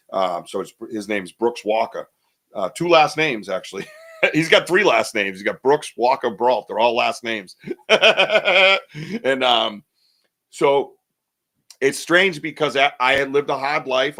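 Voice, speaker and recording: Man, 50s, podcast host; low voice, casual storyteller who acts out the lines of the people in his story. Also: fairly bright tone.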